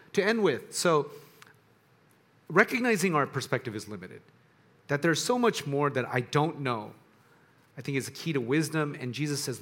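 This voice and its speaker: A man preaching a sermon to students in a conversational way, often restarting his sentences and dropping softer on quiet points. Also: on the high side. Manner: conversational, searching for words with restarts. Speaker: pastor.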